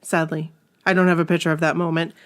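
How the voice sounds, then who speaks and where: Animated woman reading fan stories aloud. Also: fast talker. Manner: animated, laughs often, jumps into high exclamations. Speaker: podcast co-host reading listener stories. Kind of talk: casual chat, reading aloud.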